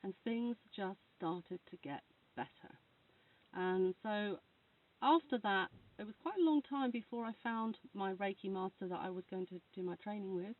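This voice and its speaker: A woman's voice: medium pitch, expressive, moderate pace. Rambling, chatty woman vlogging about her healing work; thin, phone-like sound, away from the mic. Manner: rambling, chatty, laughs while talking. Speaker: Reiki practitioner. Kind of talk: casual chat to camera. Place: indoors, snuggled under a duvet. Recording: tinny phone-like sound from far off.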